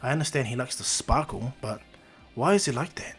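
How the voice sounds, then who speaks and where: An earnest, caring teenage hero boy, voiced by a man in a homemade storybook retelling. He talks softly and thoughtfully, in a plain mid-pitched voice, with faint music underneath. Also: lively intonation, fairly quick.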